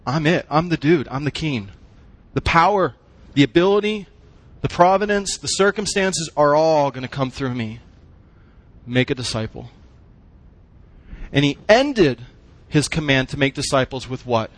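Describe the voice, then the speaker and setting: A man's voice: fairly high pitch, lively intonation, measured pace, dry recording. A man preaching a sermon, emphatic, using short punchy phrases and asking the congregation questions. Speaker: pastor.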